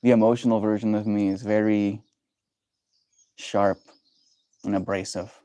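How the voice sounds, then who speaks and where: A man hosting a livestream, chatting with viewers and musing slowly and gently about emotions. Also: on the low side, flat delivery, no room sound. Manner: gentle, musing, thoughtful pauses. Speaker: livestream host. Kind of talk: reflective livestream chat.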